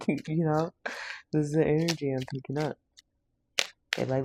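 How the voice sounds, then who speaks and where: Mellow, blunt, slangy tarot reader. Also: medium pitch, fairly even intonation, normal speed, pauses often. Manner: laughs often. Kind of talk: casual tarot reading.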